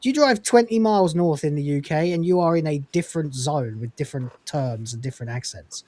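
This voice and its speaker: A man's voice: a little high, animated, a little fast, warm tone, no room sound. A man hosting a podcast, chatting casually in a rambling, sweary, loose way over an online call. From England. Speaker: podcast host.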